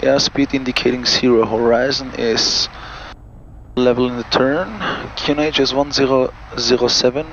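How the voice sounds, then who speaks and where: Pilot reading checklists in cockpit. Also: male voice, medium pitch, fairly bright tone, muffled recording, slight background noise. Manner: crisp checklist callouts mixed with friendly asides. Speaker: pilot and vlog host. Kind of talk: cockpit vlog with spoken checklists. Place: small aircraft cockpit.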